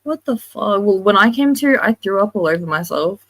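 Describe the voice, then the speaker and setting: This is a woman chatting casually on a livestream beside her father. She talks in an animated, sweary way and laughs often, with a voice of middling pitch. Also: moderate pace, no echo, low-quality recording. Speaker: host's daughter, guest. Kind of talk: casual chat.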